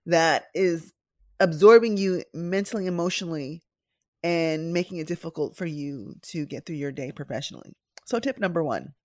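Woman, middle-aged, podcast host, somewhat low voice, chatty and direct, dry close sound. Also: no echo. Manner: chatty, direct, speaks to listeners as "y'all". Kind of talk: candid personal podcast talk.

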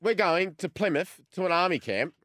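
A man in his fifties with an Australian accent, a former goalkeeper telling an animated story as a sports radio guest and acting out the conversations he recounts. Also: high voice, normal speed, dry recording. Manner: animated storyteller who acts out quoted exchanges.

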